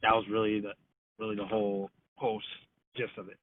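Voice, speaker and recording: A man's voice: fairly low pitch, completely flat delivery, fairly quick, slight background noise. A man in casual storytelling over the phone, swearing freely, using lots of fillers and acting out quotes. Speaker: podcast guest. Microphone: phone call. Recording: tinny dry phone line.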